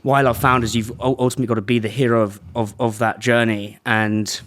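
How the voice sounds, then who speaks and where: A man's voice: mid-range voice, flat delivery, fast, a bit bright. A man with a mid-range voice hosting a podcast. He speaks in a laid-back, chatty way and swears freely. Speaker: podcast host. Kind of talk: casual podcast conversation.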